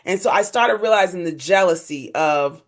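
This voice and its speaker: A young woman, a podcast guest, telling her story in candid conversation, voice leaping up when she acts out others. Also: normal speed. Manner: animated, leaps high in pitch when acting out others.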